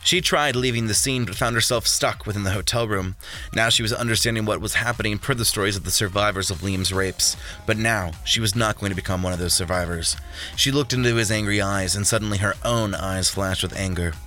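A man narrating a storybook in a steady, even reading. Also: on the low side, a little fast, soft background music. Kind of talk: audiobook narration.

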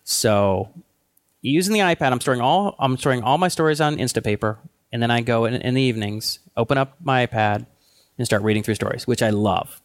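A man co-hosting a casual tech podcast, thinking aloud in a loose, halting way with frequent restarts. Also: mid-range voice, dry recording, clean studio sound. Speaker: podcast co-host.

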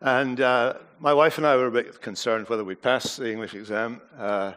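A man's voice: mid-range voice, fairly even intonation, normal speed, a bit bright. A man with a Scottish accent giving a sermon, joking drily and then reading scripture aloud. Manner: joking, dry humor before reading. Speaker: preacher. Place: university hall.

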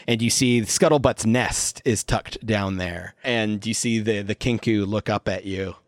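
A man running a tabletop role-playing game as game master, narrating scenes in a relaxed way with fillers. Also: fairly low pitch, dry recording, studio quality. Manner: relaxed storyteller with fillers, puts on quick voices.

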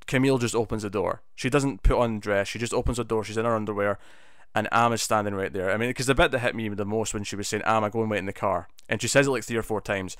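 Man, lowish smooth voice, dry close sound, rambling casual review talk. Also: steady tone, fast, no echo. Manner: rambling, many restarts and fillers. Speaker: TV episode reviewer.

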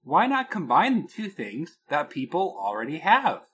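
A man co-hosting a casual podcast, telling a product story with a lot of pitch movement and laughing at his own jokes. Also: wildly swooping pitch, moderate pace, a bit bright, a little hiss or hum. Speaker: podcast co-host.

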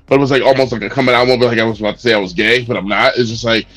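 A young man, a cosplayer guest on a podcast, telling family stories in a lively, laughing conversational way. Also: medium pitch, faint music behind. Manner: animated storyteller, quick laughs. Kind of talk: casual podcast chat.

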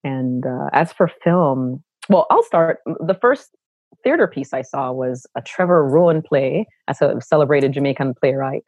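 A middle-aged woman from Brooklyn with a low contralto voice, telling her stories expressively as a guest in a conversational interview. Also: moderate pace, no echo. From Brooklyn, New York. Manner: expressive, animated storyteller who acts out quoted voices. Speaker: guest, actor and educator.

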